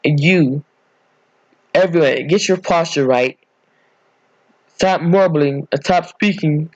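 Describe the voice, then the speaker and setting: Man putting on a bossy scolding male teacher, rambling, slightly high voice, dull dry recording. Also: slow pace, dry recording. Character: loud bossy male teacher lecturing students.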